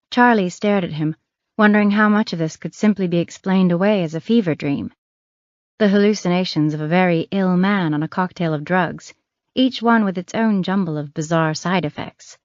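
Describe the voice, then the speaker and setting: A woman reading an audiobook thriller in a measured, even scripted narration. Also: fairly low pitch, dry recording. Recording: dry, muffled.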